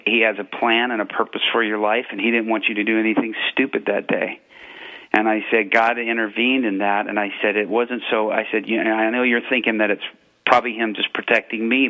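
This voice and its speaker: A pastor calls in and tells a story in a low, flat voice. He acts out both sides of a conversation with earnest conviction. The sound is thin and tinny, like a phone line on the radio. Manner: earnest, retells dialogue, many fillers and restarts. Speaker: pastor and police chaplain. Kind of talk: storytelling testimony on a radio show.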